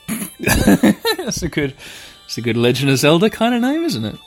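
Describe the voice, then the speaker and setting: A young man playing a video game, playfully and excitably narrating what happens and reading the text aloud. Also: fairly high pitch, measured pace. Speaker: game player. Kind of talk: let's play commentary. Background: faint game music.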